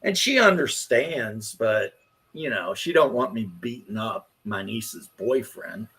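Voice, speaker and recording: A man's voice: medium pitch, expressive, takes it slowly, fairly bright tone, breathy edge. A man in his fifties hosting a casual chat, telling stories bluntly with profanity. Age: 50s. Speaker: host.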